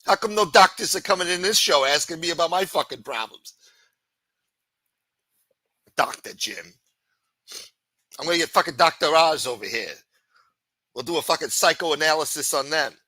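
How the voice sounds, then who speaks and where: A man's voice: fairly high pitch, lively intonation, normal speed, long pauses, bright, forceful tone, dry recording, rough recording. A man hosting a livestream, ranting heatedly with heavy profanity and sarcasm. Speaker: livestream host.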